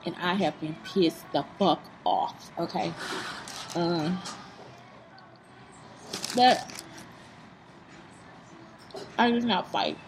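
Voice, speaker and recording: A woman vlogging in a fast-food restaurant, talking in a blunt, profane, rambling way. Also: on the low side, animated. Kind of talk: casual vlog talk. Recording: noisy restaurant background.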